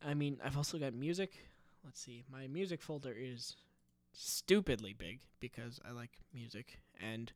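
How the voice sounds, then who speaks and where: A man's voice: medium pitch, moderate pace, dry recording. A man rambling through a casual solo podcast at his home computer desk, wandering off on tangents, interrupting himself and giggling at his own stories. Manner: meandering, self-interrupting, giggly. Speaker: podcast host. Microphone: studio microphone.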